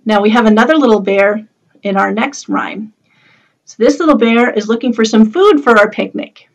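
A woman's voice: a little high, moderate pace, low-quality recording. A young woman librarian leading a children's storytime, reading a picture book, chanting rhymes and singing in a sing-song, coaxing way.

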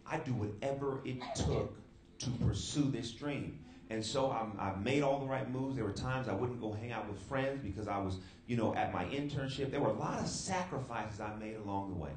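A man's voice: fairly low pitch, darkish tone. A young adult man from the Bay Area preaching a sermon, telling a personal story with asides to the crowd at a live event. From San Francisco Bay Area. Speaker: youth speaker. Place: church hall, live event. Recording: roomy live room with background noise.

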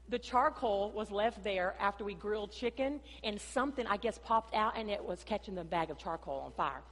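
A woman pastor with a drawl preaches with lively, storytelling energy. Her voice sits a little high for a woman. It rings out with the long reverb of a big hall. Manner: animated storytelling, addresses congregation as "y'all". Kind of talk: sermon.

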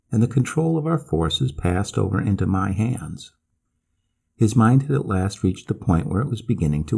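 Man, narrator, classic ghost story, lively intonation, dark and mellow tone. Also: low voice, vocal fry.

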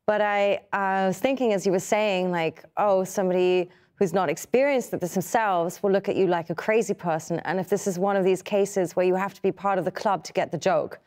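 A woman's voice: fairly low pitch, darkish tone. A woman on a panel, reflecting aloud and asking a follow-up question. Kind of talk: panel discussion.

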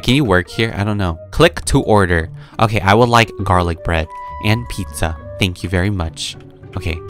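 Low-ish guy narrating his gameplay, chatty and goofy, gasps a lot. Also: fairly bright tone. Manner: playful, chatty, frequent gasps and laughs. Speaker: gaming video host. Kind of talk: casual gameplay commentary.

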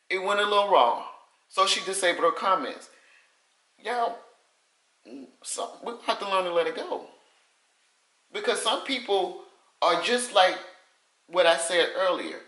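A woman's voice: lowish voice, bright, forceful tone, reverberant, poor audio. A woman vlogger giving casual advice to the camera, emphatic and repeating her points with folksy sayings.

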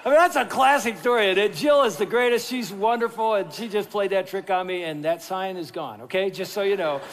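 A man preaching a sermon as pastor, telling stories in an animated, jokey way and then turning quiet and earnest. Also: high-pitched, a little fast, slight background noise. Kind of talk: sermon with storytelling. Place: large church sanctuary. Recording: long reverb of a large church hall.

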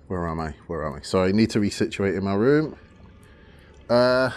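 A man giving let's play commentary in wry, muttered asides. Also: medium pitch. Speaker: gamer.

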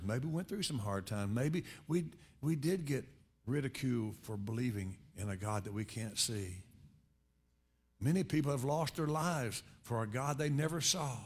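Man preaching with rising bursts. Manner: conversational preaching with sudden rises in pitch and volume. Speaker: pastor. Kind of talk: sermon.

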